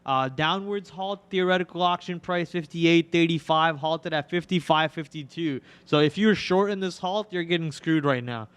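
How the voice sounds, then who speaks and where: Young guy streaming stock trades, chatty and rambling, kinda high smooth voice. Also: normal speed, hardly any pauses, a bit bright. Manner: rambling, chatty, filler-heavy. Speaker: stock trading livestream host. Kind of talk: casual live market commentary.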